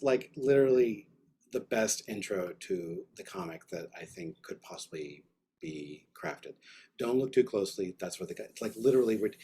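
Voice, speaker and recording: A man's voice: medium pitch, darkish tone, husky. A man teaching an online art class, giving enthusiastic, rambling, slangy feedback over a video call. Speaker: art instructor.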